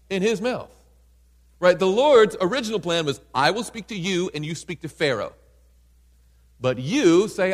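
A man's voice: a little high, very animated, normal speed. A man preaching a sermon, acting out the scripture quotes and laughing often. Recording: hall reverb.

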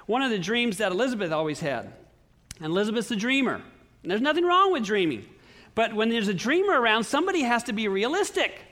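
A middle-aged pastor preaching a sermon in a church, telling stories in an earnest way with lively swings in his voice. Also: fast. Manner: earnest storytelling with animated swings in pitch.

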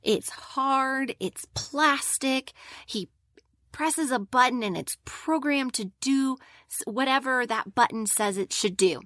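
A woman teaching a Bible lesson to children, gentle and slowing down for emphasis, often asking questions. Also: high-pitched, no room sound, studio quality. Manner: gentle, slow and emphatic on key points, asks the listeners questions.

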